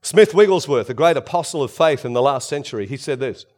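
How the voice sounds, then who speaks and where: A man's voice: mid-range voice, expressive, quick pace. Male preacher, dramatic emphatic delivery. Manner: dramatic, swings between loud emphasis and hushed tones. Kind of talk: sermon.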